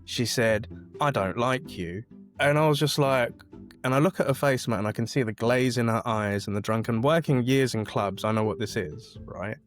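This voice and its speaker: A man's voice: mid-range voice, normal speed, faint music behind. Man telling a story animatedly. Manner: animated, acts out quoted voices. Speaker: podcast guest. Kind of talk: casual storytelling.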